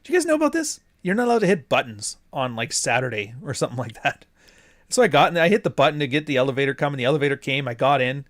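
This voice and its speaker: A man hosting a casual livestream from a dry, close-sounding room, with a voice sitting at an ordinary middle pitch. He drifts from tangent to tangent, curses freely and keeps circling back to his point. He comes from the Pacific Northwest. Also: expressive, quick pace, dry recording. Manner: rambling, goes off on tangents, profane. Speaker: livestream host reading super chats.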